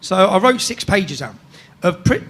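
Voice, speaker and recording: English man, higher-pitched, casual animated storyteller, salty language, checks in with "yeah?". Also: a little slow, slightly rough. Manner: swears freely, keeps tagging sentences with "yeah?". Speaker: guest storyteller.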